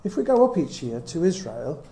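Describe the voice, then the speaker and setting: A middle-aged man teaches scripture with an earnest, reasoning manner, often putting rhetorical questions to his listeners. His voice sits a little high yet sounds mellow. The room is echoey, with a faint hiss behind him. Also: big pitch swings, normal speed, creaky. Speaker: Bible teacher. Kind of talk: teaching talk to a small group.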